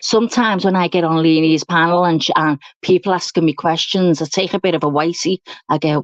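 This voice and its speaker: A woman hosting a livestream, chatting casually and telling stories in an animated, talkative way. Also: medium pitch, fairly quick, dry recording. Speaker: livestream host. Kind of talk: casual chat. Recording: dull dry lo-fi stream audio.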